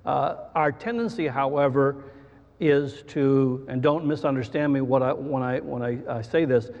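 A man preaching a sermon as pastor, halting, with frequent fillers and restarts. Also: on the high side, a little mellow. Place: church sanctuary. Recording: muffled church hall with long reverb.

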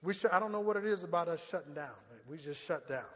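A man's voice: fairly high pitch, quick pace, fairly bright tone, in a large hall. A male pastor preaching a sermon in call-and-response style, often telling the congregation to listen.

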